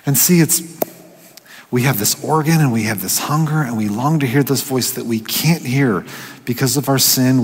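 A man preaching a sermon in a conversational way, slowing for emphasis and dropping to a hush at times. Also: mid-range voice, slightly rough. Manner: conversational, drops to hushed whispers for quoted voices. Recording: echoey hall with long reverb.

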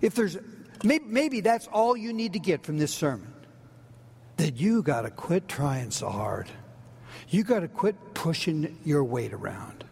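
A man preaching a sermon as a pastor, swinging from loud urgent lines to near-whispers. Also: a little high, big pitch swings, unhurried, vocal fry, slightly rough. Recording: long reverb of a large hall.

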